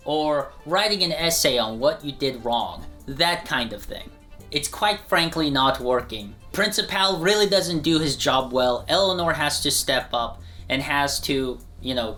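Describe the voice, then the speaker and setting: A man giving a casual, joking pitch for an animated show in an energetic, conversational way.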